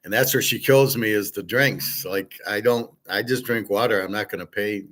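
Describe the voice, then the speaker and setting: Blunt, low-voiced man ranting casually. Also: normal speed. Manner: blunt, opinionated, swears casually; rambling with fillers, trails off quietly. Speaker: host. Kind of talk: casual monologue.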